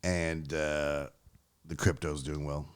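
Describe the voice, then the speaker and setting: A man's voice: extremely low pitch, little pitch movement, slow, clear, resonant tone. A man co-hosting a podcast, telling about his week in a loose, rambling way full of "uh"s. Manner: rambling, filler-heavy storytelling. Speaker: podcast co-host. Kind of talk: casual chat.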